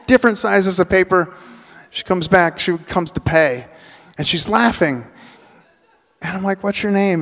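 A man telling a personal story on stage, animated, acting out the voices of people in it. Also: high voice, gravelly. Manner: animated, acts out quoted voices. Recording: long hall reverb.

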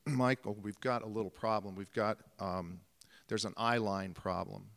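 A man's voice: lowish voice, fairly even intonation, normal speed, gravelly, fairly bright tone. A man playing a patient film director.

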